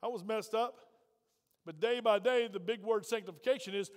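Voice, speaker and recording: A man's voice: sits high, normal speed, long reverb tail. A middle-aged male pastor preaching a sermon in a folksy, direct way, calling on the congregation to answer. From Virginia. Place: church sanctuary.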